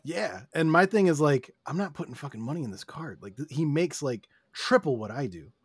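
A man's voice: a little high, expressive, a little fast, husky, no room sound, studio quality. A man co-hosting a podcast, talking frankly in casual chat. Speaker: podcast co-host.

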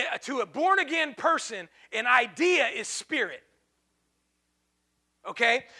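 High, bright-voiced preaching man. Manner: impassioned preaching, swinging from hushed to shouted; repetitive call-and-response phrasing. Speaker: pastor. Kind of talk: sermon.

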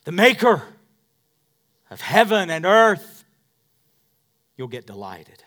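A male pastor preaching in a high, bright voice at an unhurried pace. He rises to shouts and drops to near whispers, drawing answers from the congregation. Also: sing-song. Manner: swings from shouting to hushed, call-and-response with congregation. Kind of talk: sermon.

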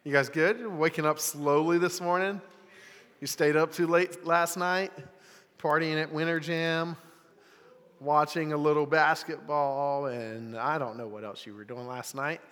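A man's voice: fairly high pitch, fairly even intonation, measured pace, a bit bright, smooth. A young man preaching a casual, conversational sermon to youth in church, with lots of filler words. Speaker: youth pastor. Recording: live recording with long hall reverb.

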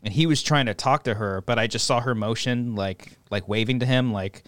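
Male podcast host, dry close sound, mid pitch, loose rambling profane storyteller. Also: brisk, fairly bright tone, dry recording. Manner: rambling, profane, acts out quoted voices. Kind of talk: casual chat, storytelling.

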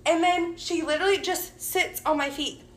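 A woman's voice: very high-pitched, normal speed. A woman co-hosting a podcast, telling a story in a casual, profane, laughing way. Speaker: podcast co-host.

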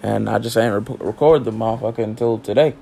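A man's voice: fairly low pitch, fast, gravelly, warm tone, a little hiss or hum. A teenage boy hosting a casual solo podcast, rambling and joking in heavy slang with lots of cussing. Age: late teens. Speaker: podcast host.

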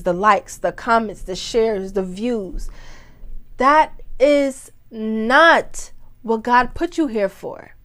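A woman's voice: fairly high pitch, a bit bright. A woman hosting a ministry podcast, preaching in a fervent, casual way, repeating phrases for emphasis and talking straight to her listeners. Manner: talks straight to listeners, calls them "y'all". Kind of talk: casual devotional teaching.

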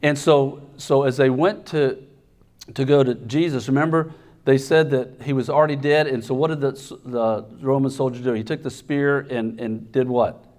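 A man preaching a sermon, telling a comic story with lively, animated delivery and sudden shouted outbursts. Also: medium pitch, normal speed. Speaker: pastor.

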